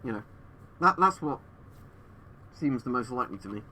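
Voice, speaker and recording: A man answers his stream chat from home, thinking aloud and wandering between points. His bright, forceful voice comes out muffled through a gas mask and picks up a faint hum over the webcam mic. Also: mid-range voice, expressive, moderate pace. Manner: rambling, thinking aloud with fillers.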